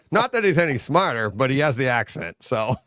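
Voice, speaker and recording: A man's voice: medium pitch, sing-song, normal speed, a bit bright, no room sound, clean studio sound. A middle-aged man hosting a livestream, telling stories in casual chat, laughing often and acting out quotes. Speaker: livestream host.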